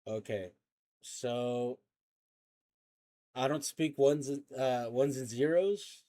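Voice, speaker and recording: A young man hosting a reaction video, talking casually and haltingly with lots of slang and filler. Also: mid-range voice, dark tone.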